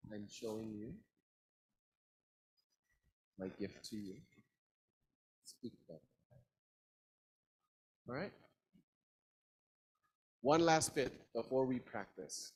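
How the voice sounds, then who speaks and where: A man's voice: medium pitch, darkish tone, poor audio. A man teaching public speaking in a live workshop, emphatic and demonstrative, often quizzing his audience. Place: university seminar room.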